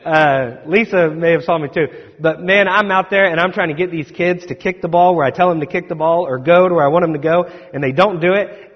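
A man preaching a sermon as pastor, in a conversational, self-deprecating storytelling manner. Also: fairly high pitch. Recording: echoey hall, dull sound.

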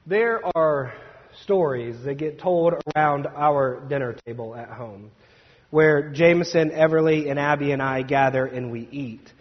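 A slightly high, husky male pastor preaching in a church sanctuary, his voice carried by a long reverb. He reads scripture and tells family stories in a loose, conversational way. The sound is a little dull and lo-fi. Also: unhurried. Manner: conversational storytelling with laughs. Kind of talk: scripture reading and Easter sermon.

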